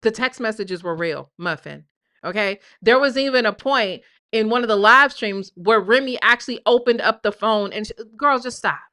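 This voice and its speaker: A woman's voice: fairly high pitch, moderate pace, pushed and bright. A woman streamer giving sassy, mocking commentary while reading out text messages on a live stream. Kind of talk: casual gossip commentary.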